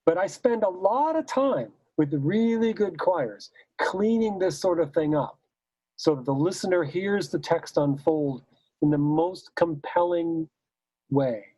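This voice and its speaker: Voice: mid-range voice, expressive, unhurried, warm tone, breathy edge, no echo, poor audio. A choir director unhurriedly teaching diction, saying each example word the wrong way and then the right way. The voice sits in a middle range and sounds close and dry, with almost no room around it. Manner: demonstrates by saying example words both wrongly and correctly; explains patiently, stepping through points one by one. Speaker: choral conductor and clinic leader. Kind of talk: recorded teaching seminar.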